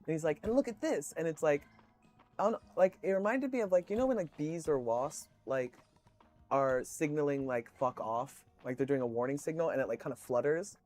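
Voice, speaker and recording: A man's voice: a little high, expressive, brisk, darkish tone, soft background music. A man streaming, chatting casually with viewers, telling rambling stories full of swearing and fillers.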